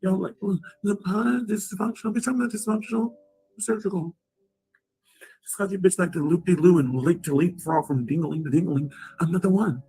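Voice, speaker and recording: A woman ranting on a livestream, combative and profane, with sudden loud outbursts. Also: fairly low pitch, fairly quick, faint music behind.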